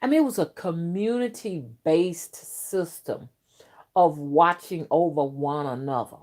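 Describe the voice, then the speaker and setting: A woman's voice: deep voice, measured pace, darkish tone. A woman hosting a casual late-night livestream, talking while chewing gum in a chatty, emphatic way. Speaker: host of a spiritual channel.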